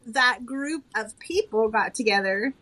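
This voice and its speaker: A woman's voice: fairly high pitch, animated, a little slow, pushed and bright, rough recording. A woman who writes romance novels, a podcast guest chatting in an enthusiastic, thoughtful and modest way. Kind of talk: casual interview chat.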